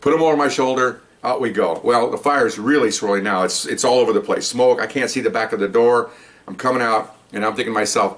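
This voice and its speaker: A retired police officer, an older man, telling a story from his patrol days in a casual, animated way, often repeating words and checking in with "okay?". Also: mid-range voice, brisk.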